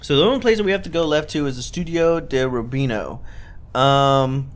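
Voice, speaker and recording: A man's voice: mid-range voice, moderate pace. A man casually commenting on a game and reading the hero's lines aloud. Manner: animated, chatty, reads lines aloud. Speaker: let's play host.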